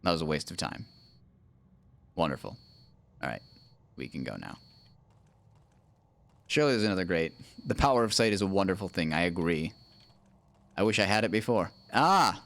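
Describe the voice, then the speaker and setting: A man's voice: low voice, animated, normal speed, pauses often, a bit bright. A man streaming a video game with his wife, chatting playfully, narrating his own moves and humming silly nonsense tunes. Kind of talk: casual livestream gaming commentary.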